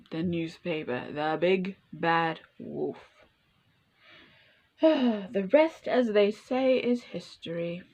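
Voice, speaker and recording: Animated woman reading a children's story. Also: medium pitch. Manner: animated, playful, asks the listener questions. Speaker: storytime reader.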